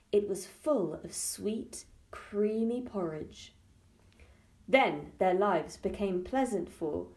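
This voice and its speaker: A woman, an early-years teacher, reading a storybook aloud to young children slowly and expressively. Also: medium pitch. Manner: slow, expressive and clear.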